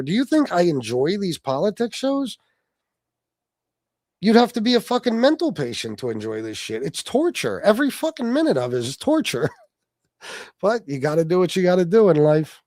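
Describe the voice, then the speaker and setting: Animated, foul-mouthed man hosting a livestream. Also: high voice, moderate pace, dry recording, studio quality. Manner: loud, animated, swearing, laughs often. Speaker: livestream host. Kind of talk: profane casual livestream talk.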